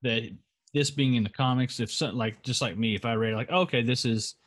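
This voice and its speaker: A man's voice: mid-range voice, steady tone, fairly quick, fairly bright tone. A man in casual podcast chat about comics, talking in a loose, rambling way full of restarts. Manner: rambling, lots of fillers and restarts. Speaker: podcast co-host.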